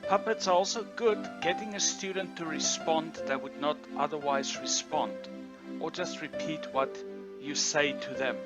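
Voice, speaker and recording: A man's voice: on the high side, normal speed, lo-fi sound. A man giving a voice-over narration explaining a teaching method in a plain tone. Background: music.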